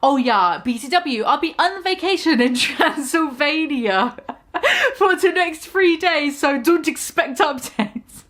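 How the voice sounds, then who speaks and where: A woman's voice: high-pitched, lively intonation, a bit bright, pitched above the performer's own voice, heavily acted. Woman doing a bratty goth teen author. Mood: whiny. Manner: whiny, drawn-out, breaking into giggles. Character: bratty teenage goth girl author, defensive.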